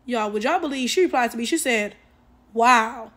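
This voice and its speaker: A woman ranting in a casual commentary video, exasperated and animated, using lots of slang and talking straight to her viewers. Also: a little high, fast. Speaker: commentary YouTuber.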